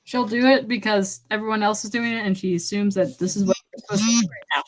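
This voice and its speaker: A woman's voice: medium pitch, steady tone, fast talker. Brief: giggly young woman, casual game-table talk. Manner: giggly, chatty. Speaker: player.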